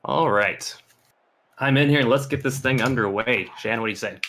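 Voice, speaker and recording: A man's voice: medium pitch, moderate pace, pushed and bright. A man giving color commentary on a video game match in a friendly, laid-back way. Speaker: esports co-caster. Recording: faint music behind.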